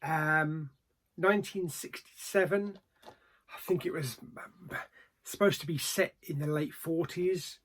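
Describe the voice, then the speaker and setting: A man reviewing films in a casual vlog, plain-spoken, with frequent ums and trailing pauses. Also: a little high, fairly even intonation, a bit bright. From Australia. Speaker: movie reviewer.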